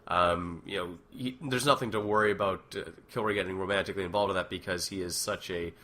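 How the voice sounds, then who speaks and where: A man's voice: deep voice, fairly even intonation, fast, bright, forceful tone. A man talking casually about making his web series, rambling with many fillers and restarts. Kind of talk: casual commentary.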